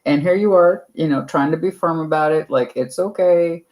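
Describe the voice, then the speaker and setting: A woman's voice: deep voice, a little fast, a little mellow, rough recording. Chatty woman giving a tarot reading. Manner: chatty and repetitive, calls the listener honey. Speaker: tarot reader.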